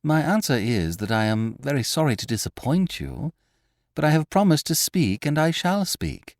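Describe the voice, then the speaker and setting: A man's voice: medium pitch, very animated, moderate pace, no room sound, studio quality, voice pushed up. A man voicing a stubborn, eager young reporter who refuses and speaks out firmly in an audiobook reading. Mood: defiant. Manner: firm, eager, raised refusals. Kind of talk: audiobook character voice.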